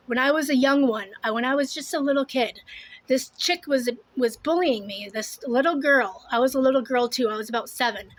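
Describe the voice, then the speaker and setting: A woman with a high voice talks straight to camera as she does her makeup. She rambles in a heated, profane monologue. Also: normal speed, fairly bright tone, low-quality recording. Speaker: vlogger doing makeup.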